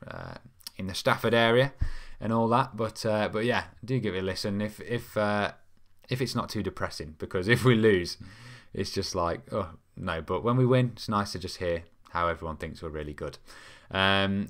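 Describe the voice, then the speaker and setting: A man's voice: deep voice, normal speed, fairly bright tone. Rambling young man. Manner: rambling, reads out viewer comments, frequent ums. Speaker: fan channel host. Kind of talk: casual live-stream chat.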